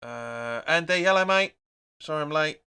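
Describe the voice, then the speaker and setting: A man's voice: on the high side, normal speed, clear, resonant tone. A young man hosting a live football watch-along, chatting casually, calling the play and reading out viewer comments. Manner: chatty, reads out viewer comments, excitable at chances.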